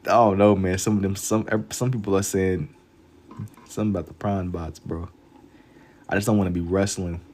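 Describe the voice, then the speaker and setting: A laid-back young man talks loosely with his live-stream chat as he draws, dropping slang between thoughts. His voice sits a little low. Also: steady tone, moderate pace, pauses often, darkish tone. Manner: laid-back slang-heavy banter, reads chat aloud. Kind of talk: casual live-stream chat while drawing.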